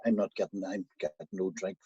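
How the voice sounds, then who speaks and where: Young bachelor, uneasy and musing, dry husky tone, put on by a male storyteller. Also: lowish voice, sing-song, a little fast, warm tone, dry recording, highs cut off, heavily acted.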